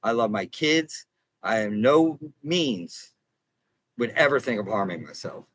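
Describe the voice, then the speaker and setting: This man's voice sits on the low side, expressive and measured, with a fairly bright tone. He's a consumer advocate livestreaming casually from an RV, earnestly rambling to his viewers and often restarting or repeating phrases; the low-quality audio has no room sound.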